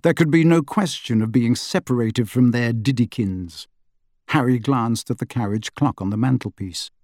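In this scripted audiobook narration, a man with a mid-range voice tells the story expressively at a moderate pace. The studio-quality recording has no echo.

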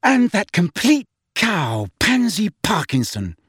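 A man's voice: high voice, huge pitch swings, measured pace, husky, no room sound, clean studio sound, voice pushed up, exaggerated voice. A man doing a cutting, disgruntled teenage girl.

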